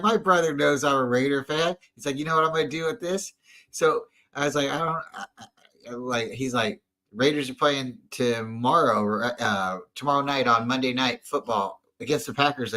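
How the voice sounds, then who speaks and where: A man's voice: medium pitch, pushed and bright, rough recording. A man co-hosting a casual sports fan show, telling rambling stories with many restarts. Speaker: podcast co-host.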